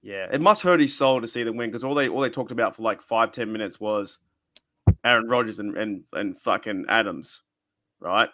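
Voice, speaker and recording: A man's voice: fairly low pitch, moderate pace, sharp tone. An Australian man hosting a casual sports chat, talking loosely with lots of restarts and fillers. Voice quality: rambling, many restarts and fillers. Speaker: podcast host.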